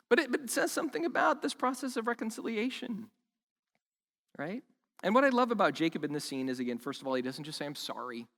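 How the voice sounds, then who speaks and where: Animated preacher man in a reverberant hall. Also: on the high side, fairly quick, vocal fry. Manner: animated, acts out quoted lines. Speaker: pastor. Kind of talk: sermon. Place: church service in a school hall.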